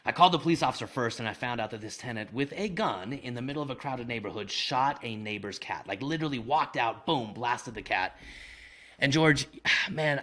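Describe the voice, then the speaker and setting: A man speaking as an interview guest, recounting his own missteps with candid, self-deprecating humor. His delivery is lively and conversational, peppered with casual slang, at a middle pitch for a man. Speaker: guest, real estate investor. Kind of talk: conversational storytelling.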